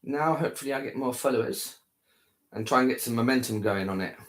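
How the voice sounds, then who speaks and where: A man's voice: mid-range voice, quick pace. A tired man chatting casually to his viewers after a live stream, rambling, repeating himself and trailing off. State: tired, worn out.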